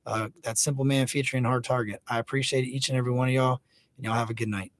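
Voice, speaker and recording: A man's voice: mid-range voice, steady tone, fast talker, no room sound. A man in his thirties hosting a casual livestream, chatting loosely and hyping up viewers by name. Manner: laid-back, hypes up viewers by name. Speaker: livestream host.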